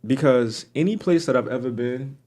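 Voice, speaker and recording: Animated New York man telling stories. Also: moderate pace. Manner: animated, acts out quoted voices with big pitch jumps. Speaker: podcast guest, music producer and DJ. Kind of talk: casual storytelling chat.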